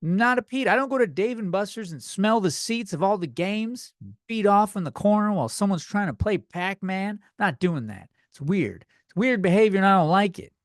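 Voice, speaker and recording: High-voiced tipsy man ranting. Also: expressive, moderate pace, no echo, studio quality. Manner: drunk, loud outbursts, repeats himself. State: tipsy from beer. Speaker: podcast host. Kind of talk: comedic rant.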